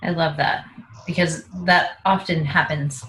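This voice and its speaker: A woman's voice: low-pitched, steady tone, a little slow, a bit bright, a little hiss or hum, poor audio. A woman co-hosting a relationship coaching podcast, frank and casual, swearing now and then.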